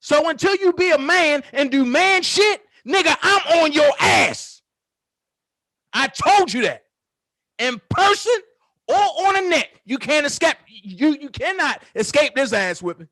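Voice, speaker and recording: A man with a strikingly high voice hosts his own commentary stream, firing off a heated, profane call-out. He taunts and repeats his jabs for emphasis, recorded close and dry with no room sound. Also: expressive, a little slow, pushed and bright, no echo. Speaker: commentary channel host. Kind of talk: confrontational call-out rant.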